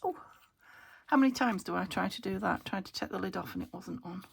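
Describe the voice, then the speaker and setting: Chatty British woman crafting, gravelly voice. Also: mid-range voice, fairly quick. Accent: British English. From United Kingdom. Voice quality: muttering half-whispered asides. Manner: self-talk, thinking aloud, chuckling. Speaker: crafter demonstrating junk journal making. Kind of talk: chatty crafting tutorial, talking to herself.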